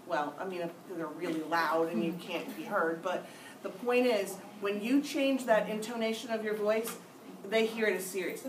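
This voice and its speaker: A woman's voice: medium pitch, moderate pace. A woman instructor talks firmly and emphatically, stacking up short repeated points. She sits well back from the microphone in an echoey classroom with faint background noise. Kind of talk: classroom discussion. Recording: echoey room, mic far off.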